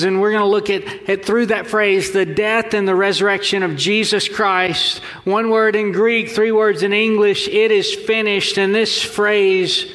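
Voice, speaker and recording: A man preaching a sermon as pastor, earnest and measured. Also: sits high, a bit bright, big-room sound.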